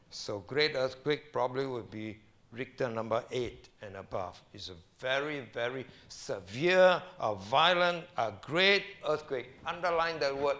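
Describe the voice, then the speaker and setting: Slow, emphatic pastor man. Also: mid-range voice, expressive, fairly bright tone. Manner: slow, emphatic preaching, reads scripture aloud. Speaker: senior pastor. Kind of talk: sermon.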